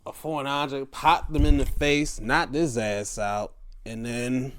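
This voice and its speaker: A man's voice: medium pitch, fairly even intonation, measured pace, fairly bright tone, smooth. A man hosting a casual, profane wrestling recap, acting out scenes in different voices. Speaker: show host.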